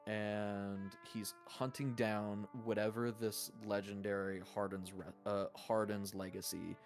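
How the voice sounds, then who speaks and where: A man's voice: on the low side, flat delivery, a little slow, faint music behind. A young man narrating as game master, rambling loosely with lots of fillers and swearing.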